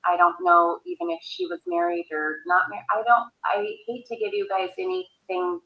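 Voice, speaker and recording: A woman recalling family events in a recorded interview, speaking haltingly. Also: sits high, very animated, creaky, lo-fi sound. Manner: halting, hesitant recollection. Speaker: interviewee, sister of the subject. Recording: echoey room.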